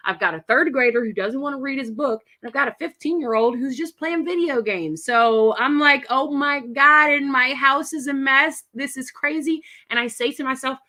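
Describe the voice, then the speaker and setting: A woman guest giving an energetic, emphatic motivational pep talk. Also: fairly high pitch. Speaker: guest coach.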